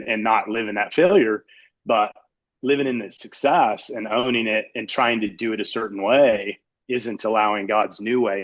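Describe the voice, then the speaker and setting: Low-voiced man on dull lo-fi audio. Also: dry recording. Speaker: participant from the audience. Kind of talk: conversational testimony.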